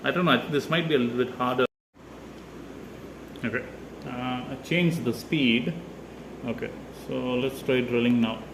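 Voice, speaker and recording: A man's voice: mid-range voice, moderate pace, long pauses, noisy background. A man casually explaining, step by step, how he drills into a wall, with many hesitant "uh" fillers. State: slightly out of breath. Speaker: DIY video maker. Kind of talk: casual how-to narration while working.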